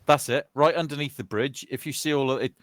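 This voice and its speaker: A man's voice: medium pitch, fairly quick, no room sound. A British man in his fifties from Wales, chatting over online voice chat with friends in a rambling, easygoing way, laughing as he tells stories. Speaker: soldier chatting with gaming friends. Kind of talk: casual voice chat.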